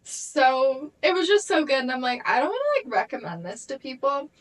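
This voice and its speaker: A woman's voice: high-pitched, big pitch swings, a little fast, rough recording. A woman in her twenties co-hosting a podcast, chatting casually with lots of fillers and acted-out quotes. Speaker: podcast co-host. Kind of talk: casual chat.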